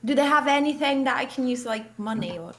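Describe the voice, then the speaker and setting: A woman playing a tabletop game, speaking hesitantly and softly. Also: sits high, expressive, a little fast. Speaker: player.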